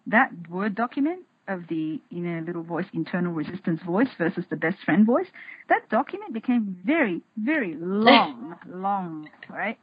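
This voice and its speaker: Husky woman, dry lo-fi sound. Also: moderate pace, dry recording. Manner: animated, acts out her inner voices in a higher tone; restarts and repeats words. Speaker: podcast guest, author. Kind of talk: casual interview talk.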